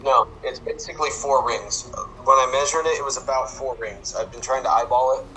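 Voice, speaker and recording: A man hosting casual commentary, calmly explaining his shots step by step while he plays. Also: medium pitch, brisk, slight background noise, poor audio. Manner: relaxed, explaining tips step by step. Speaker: host.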